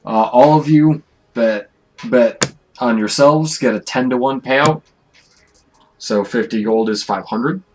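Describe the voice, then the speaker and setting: A man narrating as game master for an online tabletop game, stopping and restarting often before he settles into unhurried description. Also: mid-range voice, a little mellow, rough recording.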